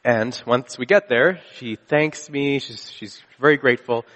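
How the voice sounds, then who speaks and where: A man preaches in a relaxed, chatty way, catching himself and restarting his sentences as he goes. His voice sits at an ordinary middle pitch. The sound rings with the long reverb of a large hall. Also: measured pace. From Canada. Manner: casual storytelling with frequent restarts and self-corrections. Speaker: pastor. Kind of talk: conversational sermon with a personal story.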